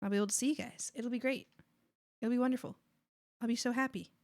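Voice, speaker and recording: A woman's voice: on the high side, steady tone, fast talker, a little mellow, dry recording. A young adult woman streaming while she draws, chatting casually and gushing, sometimes squealing or whispering. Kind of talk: casual chat while drawing.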